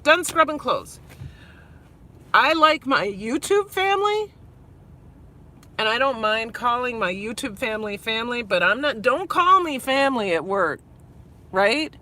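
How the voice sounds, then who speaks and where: Woman, Minnesota accent, bright tone; rambling live-stream chat from her car. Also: a little high, expressive, a little slow. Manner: chatty, rambling, talks to viewers directly. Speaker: vlogger. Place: inside a car.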